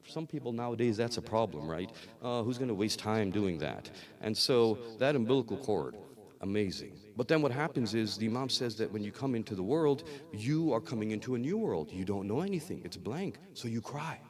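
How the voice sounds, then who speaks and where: A man delivers a religious sermon in a lowish voice. He tells the story with acted dialogue and rises to emphatic peaks, slowing and repeating key words for weight. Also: lively intonation, darkish tone. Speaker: scholar reciting a majlis.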